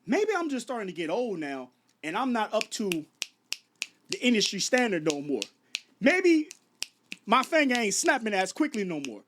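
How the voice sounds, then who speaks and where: A Chicago vlogger in his 30s, with a high, slightly bright voice and big pitch swings, rants to camera late at night at a normal speed with long pauses. He stumbles over restarts and fires off rhetorical questions, and there's slight background noise.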